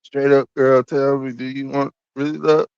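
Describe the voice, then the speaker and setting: A man's voice: medium pitch, level tone, moderate pace, a little mellow, clean tone, no room sound, lo-fi sound. Joking, profane man in casual banter. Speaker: podcast co-host.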